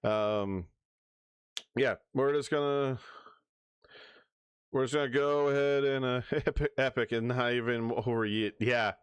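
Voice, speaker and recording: A man's voice: mid-range voice, measured pace, pauses often, clean tone, dry recording. A man livestreaming, chatting casually and rambling as he plans his next streams, with hiccups. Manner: rambling, restarts often, hiccups.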